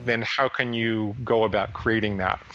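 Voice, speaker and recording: A man hosting a talk with a bright, sharp tone who keeps stumbling over and repeating words. His recording sounds dull and lo-fi. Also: fairly low pitch, steady tone, moderate pace, faint music behind. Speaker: podcast host. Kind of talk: casual interview talk.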